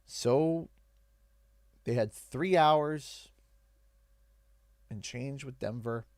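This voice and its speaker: Young canadian guy on stream, choked up and halting, dry close mic. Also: mid-range voice, darkish tone, dry recording. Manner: halting, emotional, pausing often. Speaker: livestream host. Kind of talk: emotional storytelling on a game stream.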